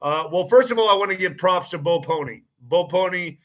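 Male host, bright and slightly high voice, rambling monologue with repeated words and pointed questions. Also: lively intonation, a little fast. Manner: repeats phrases, frequent restarts and fillers; poses claims as pointed questions. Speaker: online show host. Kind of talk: casual monologue commentary.

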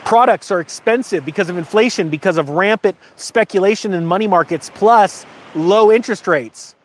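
A man's voice: sits high, moderate pace. A middle-aged man hosting his own channel, talking casually and emphatically, rambling and getting emotional. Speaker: channel host. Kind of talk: casual to-camera talk.

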